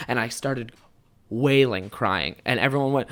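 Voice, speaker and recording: A young man in his twenties hosting a podcast, telling stories in a rambling, casual way, swearing often and bursting into loud animated moments. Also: mid-range voice, fairly quick. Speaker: podcast host. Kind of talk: casual solo podcast storytelling.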